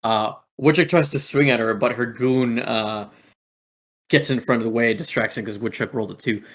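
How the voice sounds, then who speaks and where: A man's voice: medium pitch, normal speed, a bit bright. A man narrating as game master in a laid-back way, with many filler words.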